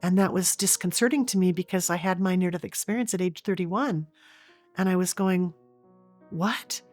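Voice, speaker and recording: A woman's voice: fairly low pitch, brisk, a little mellow, faint music behind. A middle-aged woman from Oregon, an interview guest telling a personal story earnestly, with frequent restarts. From Oregon, USA.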